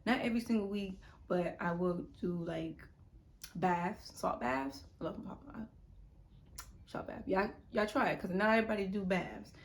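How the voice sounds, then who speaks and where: A young female YouTuber rambles through a casual self-help monologue, repeating words and sometimes dropping to a whisper. Her voice is medium-pitched and her speed is normal.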